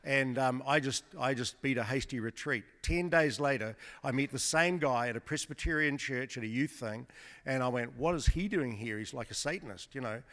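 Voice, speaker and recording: A man's voice: mid-range voice, moderate pace, fairly bright tone. A man giving a storytelling sermon testimony to a congregation, chatty and joking, with many restarts. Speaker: guest preacher. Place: church service before a congregation. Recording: long church hall reverb.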